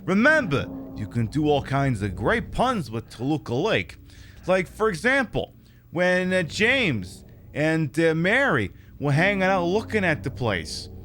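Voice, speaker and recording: A man's voice: on the high side, very animated, a little slow, a bit bright, slight background noise. A man streaming a video game, giving casual, rambling commentary full of sarcastic jokes and swearing.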